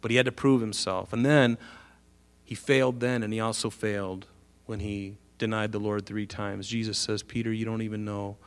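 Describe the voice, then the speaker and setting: A man preaching a sermon, animated, acting out the quoted voices with big swings from soft to loud. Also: fairly low pitch, moderate pace, clean tone. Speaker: pastor.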